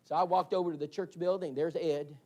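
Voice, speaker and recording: A man's voice: a little high, steady tone, brisk, mellow. A man, preaching in a storytelling style and acting out the voices of the people in his stories. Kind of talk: storytelling sermon. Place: church hall.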